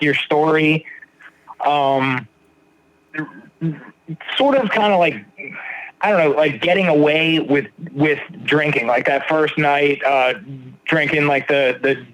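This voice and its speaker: A man's voice: a little high, fairly bright tone, poor audio. A man hosting a recovery podcast, joking casually and asking rambling questions full of fillers. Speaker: podcast host. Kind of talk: casual interview talk.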